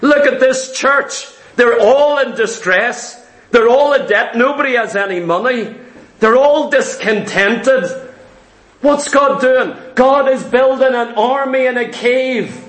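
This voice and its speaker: A man with a very high voice delivers a sermon with emphatic, repetitive phrasing. His words ring out in an echoey room. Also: slow pace. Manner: emphatic, repetitive preaching, rising to shouts. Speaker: preacher.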